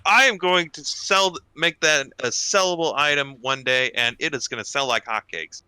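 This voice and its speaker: A man playing a blunt, practical dwarf woman smith, talking in an animated way. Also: fairly high pitch, normal speed, clean tone, no echo.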